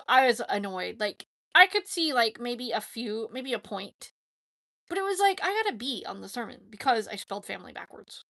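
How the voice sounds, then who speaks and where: Woman host, casual Q&A chat, gravelly fry, sharp bright tone, rambling delivery full of fillers. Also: a little high. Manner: rambling, chatty, lots of "like" and quick laughs. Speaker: host answering viewer questions.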